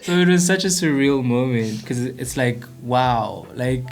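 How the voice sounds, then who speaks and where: A young man chatting calmly in a vlog, often chiming in with agreement as his partner talks. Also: mid-range voice, over music. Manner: calm, slow, agreeable interjections. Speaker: vlogger, expectant father. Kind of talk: casual chat.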